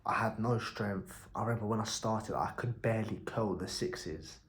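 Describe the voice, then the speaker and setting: Brief: young entrepreneur, low-ish voice, loose rambling vlog talk, blunt with casual swearing. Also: male voice, moderate pace. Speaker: entrepreneur vlogger.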